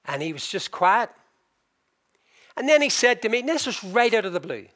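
An older man preaching a sermon with passion, slowing for emphasis and swinging between loud and soft. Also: high-pitched, very animated.

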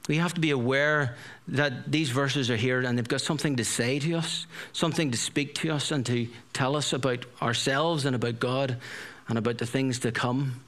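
A man's voice: medium pitch, fairly even intonation, moderate pace, a bit bright. A middle-aged man preaching a sermon in a conversational, storytelling way, full of rhetorical questions.

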